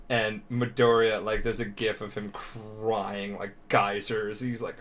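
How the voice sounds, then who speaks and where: A drunk young man rambling through a profane, animated retelling as a podcast co-host. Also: lowish voice, slow pace.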